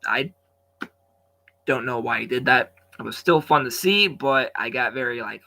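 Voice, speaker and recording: A man giving a casual, rambling recap of a wrestling show, full of fillers and restarts, with sudden loud bursts of excitement that trail off. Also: mid-range voice, normal speed, vocal fry.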